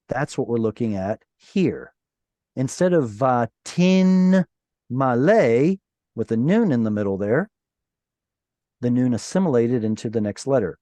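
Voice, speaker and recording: A man's voice: mid-range voice, warm tone, dry recording. A man teaching an online Hebrew class, explaining grammar patiently and playfully, quizzing his students as he goes. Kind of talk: online Bible Hebrew lesson. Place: online class over video call.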